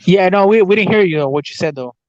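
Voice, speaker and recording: Man, higher voice, casual, stammers and restarts, dry dull call sound. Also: fast, darkish tone, no echo. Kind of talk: casual chat. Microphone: video call.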